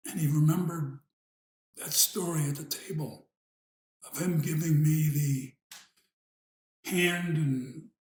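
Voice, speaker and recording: A man with a New York accent, telling an old family story in a casual, unhurried way, pausing and trailing off into asides. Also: on the high side, a little mellow. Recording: echoey room.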